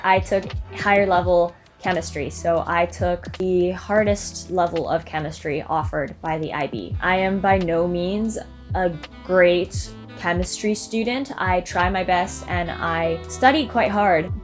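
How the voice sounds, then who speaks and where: A young woman vlogger casually telling stories to the camera in a dramatic, animated way. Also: lowish voice. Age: young adult.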